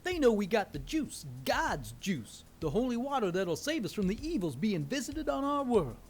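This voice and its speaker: A man voicing a wild, manic male cult leader who preaches in a shouty sing-song. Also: sits high, very animated, moderate pace, slight background noise, voice pushed up. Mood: manic preaching.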